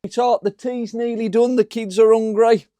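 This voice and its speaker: A man's voice: very high voice, fairly even intonation, normal speed, mellow, no echo, pitched above the performer's own voice. A man voicing a busy housewife asking her husband about his wages, in a fussing, nagging way. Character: busy hungry-family housewife, woman.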